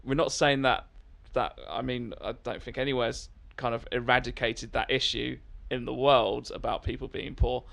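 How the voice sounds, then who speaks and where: A young man debates politics on a podcast, earnest and halting as he restarts his sentences. His voice carries a gravelly fry throughout. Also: medium pitch, steady tone, a bit bright. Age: young adult.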